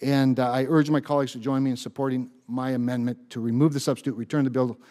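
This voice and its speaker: A man's voice: medium pitch, flat delivery, quick pace, warm tone. A man speaking as a senator at a committee hearing, stressing and repeating key words, often restarting his phrases. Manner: frequent restarts and word repeats. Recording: long reverb in a hearing room.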